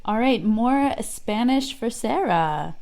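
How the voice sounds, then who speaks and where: A woman's voice: a little high, lively intonation, slow, a little mellow. A woman co-hosting a podcast, giving casual football chat in an upbeat, enthusiastic way. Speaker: podcast co-host.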